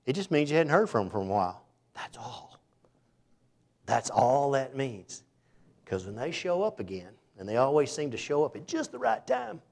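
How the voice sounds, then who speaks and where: A man preaching a sermon in a folksy, conversational way, dropping to hushed asides and rising to sudden loud bursts. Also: mid-range voice. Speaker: pastor.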